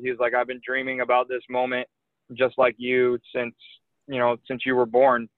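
A man's voice: mid-range voice, moderate pace, no echo. Young man telling a story over a tinny line. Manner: animated anecdote telling with many likes and you knows. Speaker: guest, pro baseball pitcher. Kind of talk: casual storytelling.

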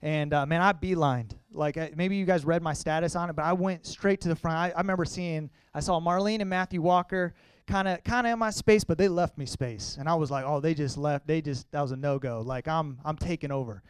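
Young male speaker for an emotional church testimony: casual and earnest, with a smooth, clear voice. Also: on the high side, no room sound. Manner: earnest, conversational, halting with emotion. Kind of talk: personal testimony to a congregation.

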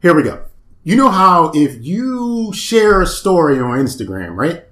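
A man's voice: fairly high pitch, big pitch swings, a little slow, a bit bright, echoey room. A man co-hosting a casual chat, explaining things in a patient, matter-of-fact way. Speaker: podcast co-host.

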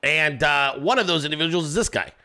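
A man's voice: fairly high pitch, lively intonation, a little fast, bright, forceful tone. A man hosting his own podcast, talking loosely and profanely, joking and swearing through his stories. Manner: acts out voices in anecdotes. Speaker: podcast host. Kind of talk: casual profane commentary.

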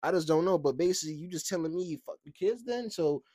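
A man's voice: fairly high pitch, expressive, quick pace, dark tone, no room sound. A man co-hosting a podcast, giving casual, slangy commentary on the news, joking around and stumbling over his words. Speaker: podcast co-host.

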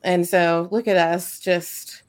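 A woman's voice: fairly low pitch, flat delivery, takes it slowly. A woman co-hosting a podcast, chatting with gushing enthusiasm. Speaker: podcast co-host. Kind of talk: casual chat.

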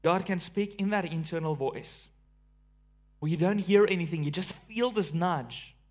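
A South African man preaching with a slightly higher-pitched voice. He tells his stories with drama, rising to loud emphasis and then dropping to a hushed, awed tone. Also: moderate pace. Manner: animated storytelling, swinging between loud emphasis and hushed awe. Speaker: pastor. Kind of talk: sermon.

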